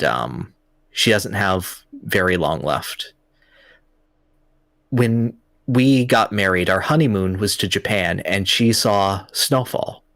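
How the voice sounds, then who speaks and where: A man voicing a grieving retired older man who pleads sincerely and haltingly. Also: lowish voice, a bit bright, dry recording, studio quality, pitched below the performer's own voice. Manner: halting, full of hesitations.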